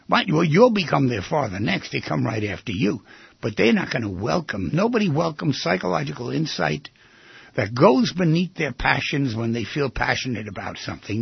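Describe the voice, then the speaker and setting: An older man hosting a radio advice show, talking in an animated way and acting out little scenes in other voices. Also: a little high, normal speed, vocal fry, slightly rough, dry recording, dull audio.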